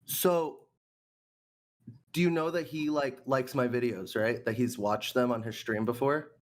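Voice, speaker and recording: A man's voice: medium pitch, a little slow. A man in a casual voice chat, talking in a sarcastic, mocking way. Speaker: voice chat participant.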